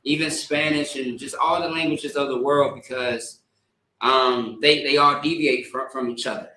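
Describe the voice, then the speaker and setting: A man leading a religious service, reading scripture haltingly with stammered repeats, then preaching in a casual, rambling way. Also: mid-range voice, fairly even intonation, bright, forceful tone, a little hiss or hum. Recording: echoey room.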